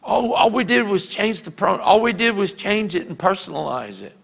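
A man preaching a conversational sermon as a pastor, often repeating words and slowing down to read scripture with emphasis. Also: high-pitched, sing-song, creaky, a bit bright. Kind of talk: sermon teaching. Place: church sanctuary. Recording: long hall reverb.

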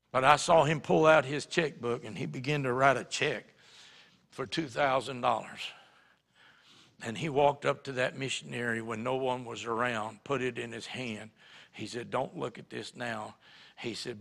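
Gravelly-voiced male pastor preaching. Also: medium pitch, big-room sound. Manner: storytelling, shifts between quiet and emphatic. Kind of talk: sermon. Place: church sanctuary.

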